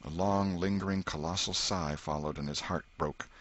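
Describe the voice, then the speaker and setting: Deep, husky-voiced male audiobook narrator. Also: moderate pace, lo-fi sound. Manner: expressive, dramatic storytelling. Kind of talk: scripted narration.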